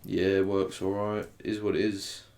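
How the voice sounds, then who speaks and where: A man's voice: deep voice, completely flat delivery, a little slow, creaky, a little mellow. A young man, a podcast guest chatting casually and laughing as he reminisces, with frequent restarts and fillers. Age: young adult. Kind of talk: casual chat.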